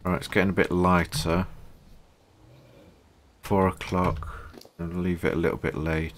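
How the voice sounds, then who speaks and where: A man from Britain on a live game stream, chatting and answering viewers' questions between pauses. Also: low voice, level tone, a little hiss or hum. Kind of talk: live gameplay stream, reading chat.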